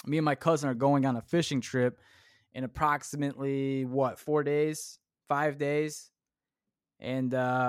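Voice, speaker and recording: A man's voice: medium pitch, steady tone, a little slow, clear, resonant tone, no room sound, clean studio sound. A man hosting a solo podcast, rambling casually and tossing in "man" and "dude.". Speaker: podcast host. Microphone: clip-on shirt mic.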